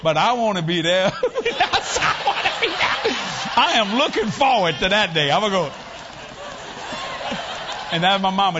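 A man, preaching as a lively, laughing storyteller in a church. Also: high voice, normal speed. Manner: animated, laughing, folksy storyteller. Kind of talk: humorous storytelling sermon. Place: church sanctuary. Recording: echoey church hall, slightly dull.

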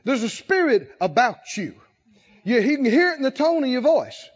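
High, lively preaching man. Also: moderate pace, husky, highs cut off. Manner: preacher who swings from soft to shouted, laughing and exhorting. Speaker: pastor. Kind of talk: sermon.

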